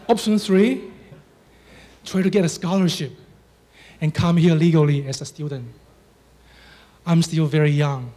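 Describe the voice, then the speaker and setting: Slow, mellow man with a Chinese accent. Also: fairly high pitch. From China. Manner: dry, understated humor with measured pauses. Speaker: storyteller. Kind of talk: live stage storytelling.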